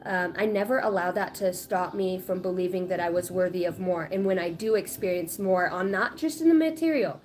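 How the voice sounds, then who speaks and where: A woman in her late thirties chatting casually on a spiritual livestream, rambling and animated, often laughing. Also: fairly low pitch, fairly quick, hardly any pauses. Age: 30s. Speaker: spiritual reader.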